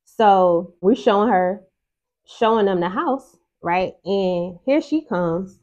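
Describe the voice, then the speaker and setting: A woman co-hosting, retelling events in animated, emphatic casual chat. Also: medium pitch, takes it slowly. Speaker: co-host. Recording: slightly dull lo-fi sound.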